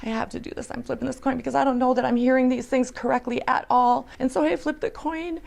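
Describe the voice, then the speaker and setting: A woman's voice: high voice, steady tone, fast, vocal fry. A woman telling an earnest, emotional personal testimony, sometimes dropping to a whisper. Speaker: storyteller.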